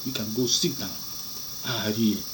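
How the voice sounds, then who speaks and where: A man's voice: on the low side, a little slow, noisy background. A man preaching an impassioned sermon, firing rhetorical questions and repeating and breaking off phrases.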